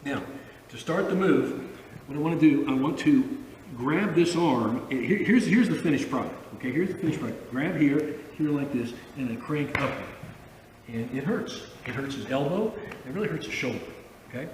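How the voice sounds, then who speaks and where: A man's voice: a little high, lively intonation, normal speed, a little mellow, a little hiss or hum. A man teaching a judo armlock on the mat, explaining each step and checking in with "okay?" as he demonstrates. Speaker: judo instructor. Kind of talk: instructional demonstration. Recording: echoey hall, far from the mic.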